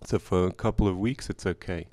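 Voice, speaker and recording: A man with a gravelly voice answering audience questions at a medical talk, hesitant, in slightly non-native phrasing. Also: low voice, fairly even intonation, fairly quick, mellow. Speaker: medical speaker.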